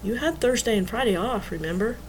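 Woman reading a gentle, cautious young woman. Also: fairly high pitch, expressive, brisk, a little hiss or hum, natural voice.

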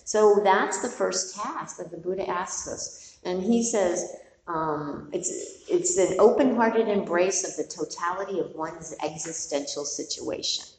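A middle-aged woman gives a dharma talk in a slightly low, relaxed voice, frank and meandering, with the odd swear word. She is recorded from some distance in a reverberant hall, with faint noise underneath. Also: a little slow. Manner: warm, candid, digressive, with mild swearing. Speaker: meditation teacher.

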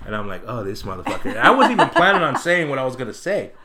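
A man, a comedian, telling an animated, profane story in casual chat and acting out the people in it. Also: mid-range voice, fast talker, over a noisy crowd. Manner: animated, profane, acts out voices in anecdotes.

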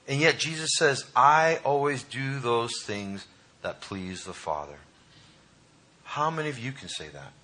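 Bright-voiced male preacher. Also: medium pitch, animated, unhurried. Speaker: pastor. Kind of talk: sermon. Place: church hall.

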